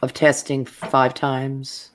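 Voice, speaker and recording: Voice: mid-range voice, monotone, slow pace, a little hiss or hum. A chatty, enthusiastic guest talking about cooking over a video call. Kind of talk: casual chat.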